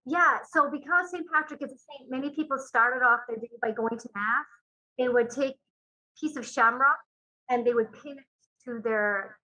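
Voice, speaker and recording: A woman's voice: on the high side, pushed and bright, rough recording. An Irish woman, a guest author, explaining customs and history in a storytelling way during an interview. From Ireland. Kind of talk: interview answers.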